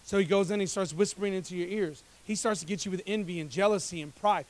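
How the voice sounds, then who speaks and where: A man preaching a sermon from the pulpit, his voice sitting high for a man. He swings from quiet, confiding passages to loud, rising appeals, acting out the voices of the people he describes. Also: fast, few pauses. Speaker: pastor.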